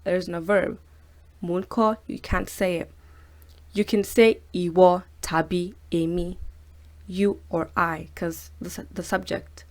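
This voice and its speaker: Lady teaching a language lesson on video, kinda low voice, says every word slow and twice, chatty with lots of ums. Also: fairly even intonation, darkish tone. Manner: slows down and repeats each word to model pronunciation; chatty, with fillers.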